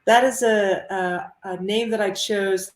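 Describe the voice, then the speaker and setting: A woman from Ohio speaks over a video call in a measured, thoughtful way, pausing to find her words. Her voice sits at a middling pitch, and the room around her adds a noticeable echo. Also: steady tone. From Ohio, United States. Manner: measured, thoughtful, with pauses and fillers. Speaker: interview guest, mindful movement teacher. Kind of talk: casual interview answers. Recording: roomy echo.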